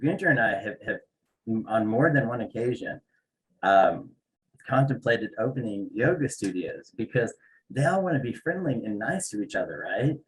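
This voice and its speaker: A man hosting a casual interview podcast, teasing his guest with deadpan jokes. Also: medium pitch, normal speed, low-quality recording. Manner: joking, teasing, deadpan asides. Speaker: podcast host.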